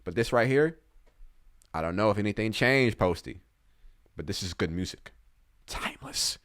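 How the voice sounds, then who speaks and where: A man with a fairly low voice talks through a music reaction in loose, slangy commentary. He is earnest and often addresses the artist directly. The sound is dry and close, with little room. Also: expressive, moderate pace, dry recording.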